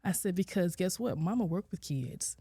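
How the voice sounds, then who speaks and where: A woman in her forties shares a personal story as a podcast guest, speaking candidly in a lowish, mellow voice. She voices her own words and her children's as she goes, at times sinking to a soft near-whisper, and the sound is dry and close. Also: moderate pace, breathy edge, dry recording. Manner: candid, quotes herself and her kids with lively shifts, drops to soft near-whispers. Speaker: guest, licensed clinical social worker. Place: podcast studio.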